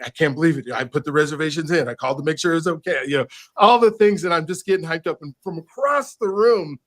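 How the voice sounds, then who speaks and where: A male author with a higher voice tells a story casually as a podcast guest. He is animated and repeats words whenever he restarts a sentence.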